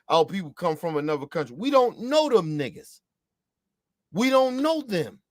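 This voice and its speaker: A man's voice: high-pitched, dry recording, studio quality. A man from the United States delivering a heated, profane, repetitive ranting monologue as a show host.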